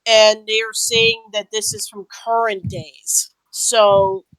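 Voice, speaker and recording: A woman's voice: mid-range voice, little pitch movement, slow pace, fairly bright tone, no echo, rough recording. A woman talking in a casual voice chat, hesitant and searching for words, indignant and swearing now and then.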